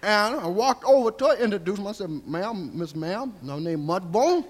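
A man doing a high-voiced old Southern storyteller, Mudbone. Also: a little fast. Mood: rambling. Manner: drawling, folksy, coarse, keeps asking "see?". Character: old rambling country man telling tall tales. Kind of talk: stand-up character monologue. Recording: live hall reverb.

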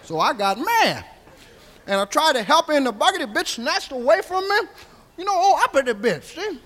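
A man's voice: extremely high pitch, sing-song, normal speed, sharp tone, full character voice. A man playing an old, rambling country storyteller with a Southern accent, drawling and coarse in a stand-up character monologue. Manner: drawling, folksy, coarse, keeps asking "see?". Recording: live hall reverb.

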